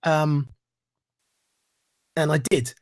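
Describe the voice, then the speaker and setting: A man's voice: on the high side, fairly even intonation. Earnest man performing spoken word. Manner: earnest, rhythmic, deliberate pauses. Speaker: guest speaker. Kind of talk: reflective talk and spoken-word poetry.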